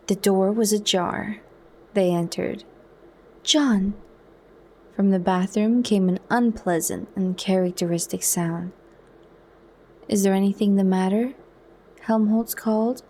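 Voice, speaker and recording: A woman narrating a novel in a soft, even ASMR reading. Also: medium pitch, slight background noise. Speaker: book reader.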